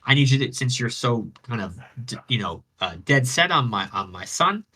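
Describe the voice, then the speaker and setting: A man voicing a spiteful, jealous goddess, with shrill outrage and sassy modern slang. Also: very animated, moderate pace, sharp tone, breathy edge, full character voice. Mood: angry.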